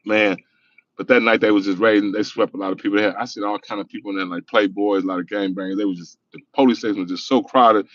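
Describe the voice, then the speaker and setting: A man's voice: lowish voice, fairly even intonation, quick pace, dry recording. Middle-aged male streamer, laid-back and profane, muffled lo-fi sound, talking while driving. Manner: loose, profane, laughing storytelling. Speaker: livestream host. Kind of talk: casual storytelling livestream.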